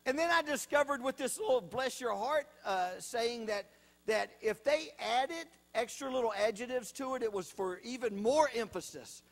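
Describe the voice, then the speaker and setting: High-voiced man doing stand-up. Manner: folksy, drawn-out punchlines. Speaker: stand-up comedian. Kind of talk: stand-up comedy storytelling.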